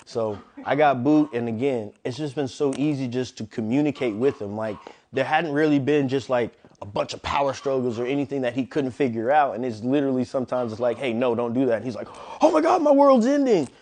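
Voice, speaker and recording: A man who trains dogs, talking casually in an interview and telling animated stories in which he acts out what other people said. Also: medium pitch, a little fast, few pauses. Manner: animated storyteller, acts out quoted voices. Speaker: dog trainer, guest.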